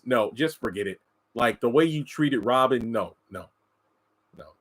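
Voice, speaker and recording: A man giving casual commentary on a TV episode, answering chat comments and mocking characters in high put-on voices. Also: lively intonation, moderate pace, a bit bright, low-quality recording. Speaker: TV show reviewer.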